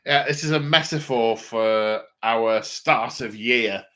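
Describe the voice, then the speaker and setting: A man's voice: medium pitch, takes it slowly, sharp tone. A man hosting a casual hobby livestream, rambling and self-mocking with lots of fillers. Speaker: hobby channel host.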